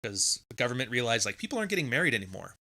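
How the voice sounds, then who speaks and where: A middle-aged Canadian podcast host rants casually and bluntly in a mid-range voice with big pitch swings, talking rapid-fire in a bright, forceful tone. He swears freely and sarcastically acts out other people's lines.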